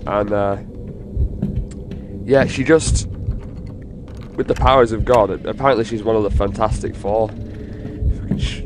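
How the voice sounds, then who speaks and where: A man's voice: lowish voice, moderate pace, pauses often. A man giving casual, profane and rambling commentary while he plays a horror game for his channel. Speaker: gaming video host. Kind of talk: let's play commentary. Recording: steady background noise.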